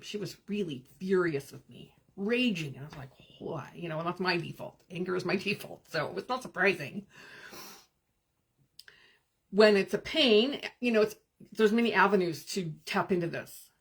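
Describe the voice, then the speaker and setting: A woman hosting a live stream as a spiritual coach, speaking in calm, gentle, meditative guidance with pauses and answering viewer comments. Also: fairly low pitch, breathy edge.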